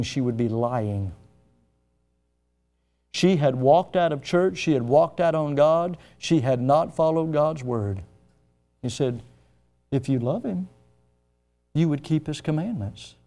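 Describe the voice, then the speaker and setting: A man preaching a sermon in a slightly high voice. He climbs to loud, pressing questions and sinks low and quiet when he retells a story. Faint music plays behind him. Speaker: pastor.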